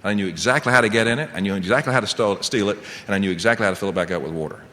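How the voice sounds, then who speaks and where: A man's voice: lowish voice, rapid-fire. Middle-aged man telling his recovery story. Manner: animated storyteller, asks the audience rhetorical questions. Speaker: AA speaker. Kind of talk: recovery testimony to a meeting. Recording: long reverb, faint background noise.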